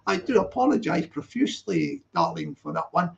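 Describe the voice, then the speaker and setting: A man's voice: a little high, lively intonation, moderate pace, gravelly. A man chatting casually on a live stream, rambling and greeting viewers one by one by name. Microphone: streaming setup. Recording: dull lo-fi live-stream audio.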